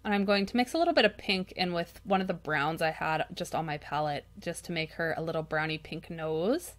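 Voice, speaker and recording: A woman's voice: low voice, a little fast. A woman hosting a painting tutorial at her craft desk, chatty and self-mocking as she works, breaking into laughter. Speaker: craft channel host.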